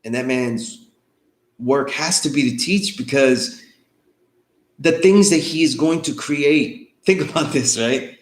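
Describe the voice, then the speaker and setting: Speaking slowly at medium pitch in a reverberant space, a male online-course instructor delivers a relaxed, conversational lecture. He regularly checks in with his students, often asking whether they know what he means.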